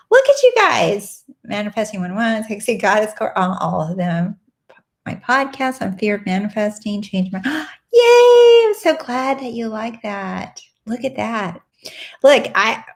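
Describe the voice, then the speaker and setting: Lowish-voiced woman doing a bubbly live q&a, chatty and animated, squeals when excited. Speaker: live Q&A host and coach. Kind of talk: casual live-stream chat.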